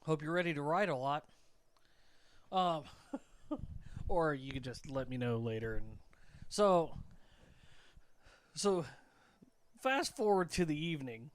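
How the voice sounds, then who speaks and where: A man's voice: a little high, lively intonation, takes it slowly, long pauses, no echo. A young man co-hosting a podcast, telling a story in casual chat, laughing often and swearing freely. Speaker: podcast co-host.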